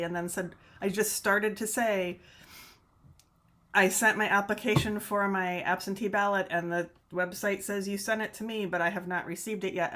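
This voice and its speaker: A woman's voice: fairly low pitch, fairly bright tone. Chatty, rambling woman hosting a livestream. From Michigan. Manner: chatty, rambling, laughs often, mild swearing. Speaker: livestream host. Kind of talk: casual chat to a live audience. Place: home room in front of a laptop camera. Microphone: laptop camera mic.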